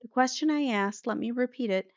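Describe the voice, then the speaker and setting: A woman's voice: fairly high pitch, fairly quick, dry recording, pitched above the performer's own voice, lightly acted. A woman voicing a courtroom prosecutor who cross-examines with pressing, repetitive questions. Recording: slightly muffled dry recording.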